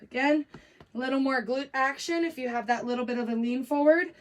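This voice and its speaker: A woman with a high voice coaches a workout while doing it herself. She counts reps aloud between panting breaths and keeps things upbeat with little jokes. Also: brisk. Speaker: fitness coach. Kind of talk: workout instruction while exercising.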